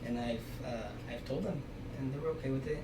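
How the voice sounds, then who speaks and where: Young male guest, relaxed rambling storyteller, recorded off-mic in a roomy space with noise behind. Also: mid-range voice, a little fast. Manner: relaxed storytelling, many fillers like "you know" and "like". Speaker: podcast guest, aspiring musician. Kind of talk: casual conversation. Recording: echoey room, distant mic, background noise.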